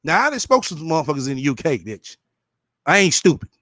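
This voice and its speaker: A man's voice: on the high side, big pitch swings, quick pace, bright, forceful tone, no room sound, clean studio sound. A man doing casual reaction commentary, talking bluntly and with profanity straight to his viewers. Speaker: commentary streamer.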